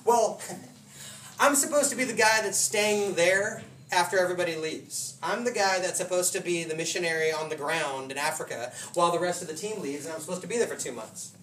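Animated male preacher in a roomy hall. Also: high-pitched, fairly quick. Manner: animated storytelling with laughs and voiced asides. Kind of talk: casual sermon. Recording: roomy hall from a distant mic with noise.

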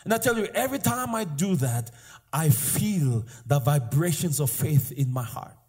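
A man's voice: on the high side, expressive, moderate pace, darkish tone, slightly rough. A man preaching a sermon with emphatic, repeated declarations and calls for the congregation to respond. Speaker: pastor. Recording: live sermon in an echoing hall with faint music.

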